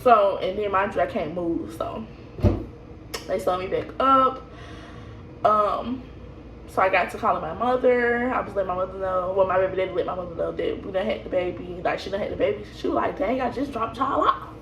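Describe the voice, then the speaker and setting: A woman's voice: mid-range voice, a little fast, fairly bright tone, slight background noise. A young woman telling her birth story casually, rambling and laughing, with lots of fillers and restarts. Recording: echoey room, voice from a distance.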